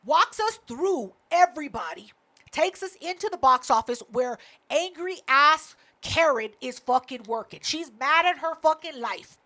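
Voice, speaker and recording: A young adult woman co-hosting a podcast, telling a story in casual chat, animated and full of swearing, acting out what people said. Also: high voice, a little slow. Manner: animated, swears a lot, acts out quotes. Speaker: podcast co-host.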